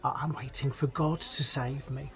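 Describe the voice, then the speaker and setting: A man's voice: medium pitch, level tone, moderate pace, vocal fry, fairly bright tone. A man voicing a stubborn, pious old village woman with a British accent, speaking in prim, quavering refusals. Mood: primly refusing.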